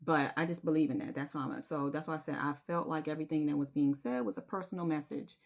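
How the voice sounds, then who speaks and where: A woman's voice: low voice, fairly even intonation, quick pace. A woman, telling her viewers a personal story in a confiding, emotional way and singing bits of a chorus. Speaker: spiritual vlogger.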